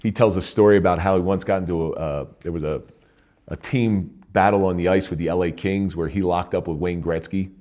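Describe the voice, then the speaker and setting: A middle-aged man with a low, dark, mellow voice shares his story as a guest in earnest, conversational talk. He often restarts his sentences and lifts sharply in pitch when a point excites him. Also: fairly quick. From New Jersey. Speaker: interview guest, retired police officer. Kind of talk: candid personal storytelling.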